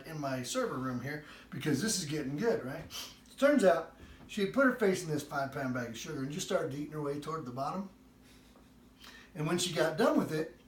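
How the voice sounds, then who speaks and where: On the high side, this man's voice leads a home cooking demo as he bakes and tells a humorous family story, full of animated comic energy. The kitchen sound is echoey and distant, with a little hiss or hum.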